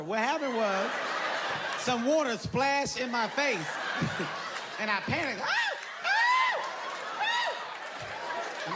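High-voiced guy doing stand-up, animated storytelling, big crowd roaring, noisy live show. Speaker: stand-up comedian. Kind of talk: stand-up comedy routine. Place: theater stage before an audience.

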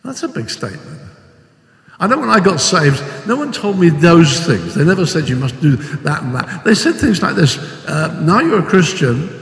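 An older man preaching a sermon with animated storytelling, acting out the voices he quotes. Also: on the high side, normal speed, gravelly. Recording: echoey hall with long reverb.

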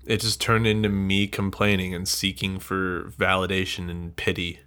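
A man's voice: deep voice, flat delivery, moderate pace, pushed and bright, clear, resonant tone. A man hosting a solo podcast, talking in a bitter, rambling, self-mocking rant with swearing. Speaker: podcast host.

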